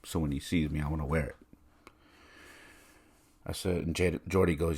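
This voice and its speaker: A man's voice: deep voice, steady tone, brisk, pauses often, a little mellow, slightly rough. A middle-aged man hosting a podcast, telling a personal story in a casual, conversational way and acting out the voices of the people he quotes. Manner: conversational, many fillers, acts out quoted voices. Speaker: podcast host.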